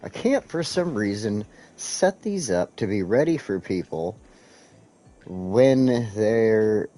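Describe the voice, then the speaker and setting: A man's voice: lowish voice, big pitch swings, slow pace, mellow. A man hosting a casual live game stream, rambling and swearing as he talks to his chat while clicking through menus. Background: faint background music.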